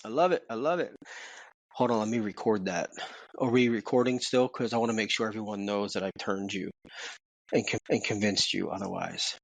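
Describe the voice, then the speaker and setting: A man co-hosting a podcast from his home office, talking in an animated, casual way with repeats and swearing. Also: lowish voice, a little fast, vocal fry, no echo. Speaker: podcast co-host. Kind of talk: casual chat.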